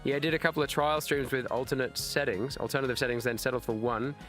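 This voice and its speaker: A man's voice: medium pitch, steady tone, quick pace, fairly bright tone, soft background music. An Australian man, a live streamer, chatting casually with his viewers and reading chat aloud, laughing and swearing freely.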